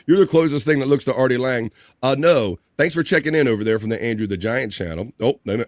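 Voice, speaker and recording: A man's voice: mid-range voice, lively intonation, brisk, background noise. A man hosting a live stream, casually reading out chat messages with loose slang and frequent laughter. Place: home streaming setup.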